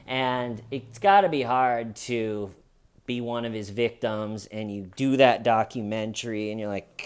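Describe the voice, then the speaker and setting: A man's voice: mid-range voice, a little slow, clean tone. A man hosting a casual commentary show, talking in a sarcastic, mocking way. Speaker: host.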